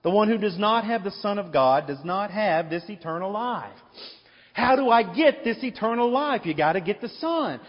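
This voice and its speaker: A man's voice: high voice, lively intonation, moderate pace. A male pastor preaching a sermon, emphatic and driving home points with repeated rhetorical questions, recorded in a church sanctuary. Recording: echoey hall, dull lo-fi sound.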